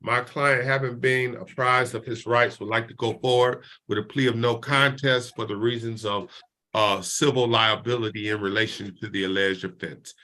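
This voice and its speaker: Man, defense attorney, formal phrasing, bright and forceful. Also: mid-range voice, fairly even intonation, normal speed.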